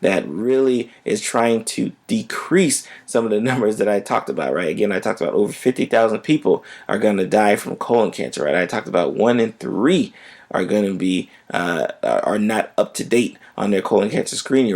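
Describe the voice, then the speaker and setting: A man's voice: on the low side, animated, moderate pace, a little mellow. A man who is a physician, hosting a health podcast in a casual, conversational way and often checking in with "right?".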